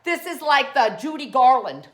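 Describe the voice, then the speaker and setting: A woman's voice: high voice, very animated, normal speed, a bit bright. A woman hosting a comic how-to show, playful and rambling, full of jokey asides. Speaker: host.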